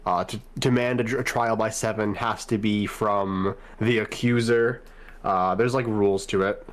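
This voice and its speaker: A man co-hosting a podcast, speaking casually and bluntly, quick to criticize. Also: fairly low pitch, fairly even intonation. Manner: blunt and critical, calls things stupid. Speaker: podcast co-host. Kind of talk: casual fan discussion.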